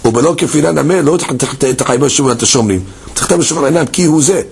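A man teaching a Talmud class, moving between quick Hebrew text reading and explanation while acting out the claims in a case. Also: on the high side, creaky, slightly rough. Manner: lively, leaps between English and Hebrew text reading, acts out case dialogues.

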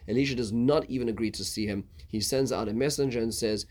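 A man teaching a casual Bible lesson, halting, with many stuttered restarts. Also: medium pitch, a little mellow. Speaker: Torah teacher.

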